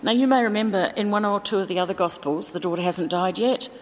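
A woman's voice: medium pitch, quick pace, long reverb tail, a little hiss or hum. A woman giving a chatty, informal sermon in a church, with asides and fillers. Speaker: preacher.

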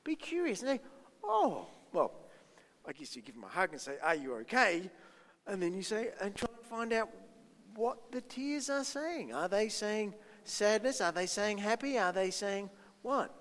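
Pastor, male, high voice, friendly children's talk with questions, long church reverb. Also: big pitch swings, normal speed. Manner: chatty, self-deprecating, asks the children questions.

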